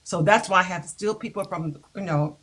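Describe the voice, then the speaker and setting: A woman's voice: fairly low pitch, moderate pace. An older woman from the United States, a singer and author, chatting as an interview guest, telling stories with laughs and hesitant fillers. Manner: animated storyteller, laughs often, hesitant fillers. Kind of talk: casual interview chat.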